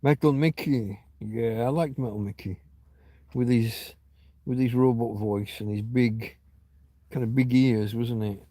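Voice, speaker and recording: In a warm mid-range voice at a measured pace, a middle-aged livestream host chats from home on his phone with no room sound. He rambles casually and reminisces, frequently losing the thread and starting his thoughts over.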